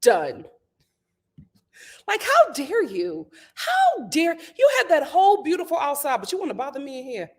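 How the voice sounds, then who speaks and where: A woman's voice: high voice, huge pitch swings, measured pace. A woman hosting a casual live stream, reading out viewer comments and making dramatic, laughing outbursts. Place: home.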